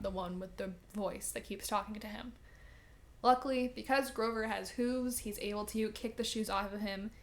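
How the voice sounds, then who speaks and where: Woman, higher-than-average voice, casual chatty recap vlogger, filler-heavy delivery.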